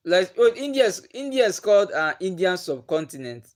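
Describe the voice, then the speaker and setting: A man's voice: high-pitched, sing-song, brisk. A young man from Nigeria with a Nigerian accent, whose first language is Igbo, chatting casually with viewers on his livestream and repeating himself often. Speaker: livestream host.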